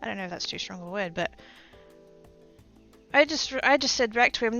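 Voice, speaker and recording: A woman's voice: on the high side, expressive, brisk, pauses often, sharp tone, lo-fi sound, faint music behind. An Australian woman livestreaming, telling a story in rambling casual chat, swearing freely and poking fun at herself.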